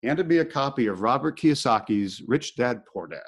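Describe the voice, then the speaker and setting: Middle-aged male host, casual storyteller, animated, mid-pitched voice. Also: a little fast, slightly rough. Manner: animated, acts out his own inner thoughts. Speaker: podcast host.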